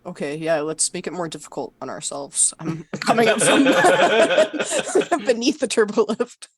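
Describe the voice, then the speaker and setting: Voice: medium pitch, animated, a little slow, over a noisy crowd. An adult tabletop role-playing player who thinks aloud, musing and restarting sentences. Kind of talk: tabletop role-play chat.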